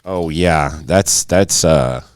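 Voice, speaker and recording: A man's voice: extremely low pitch, takes it slowly, no echo. A man co-hosting a podcast, telling a story in casual chat, swearing freely and acting out the quotes. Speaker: podcast co-host.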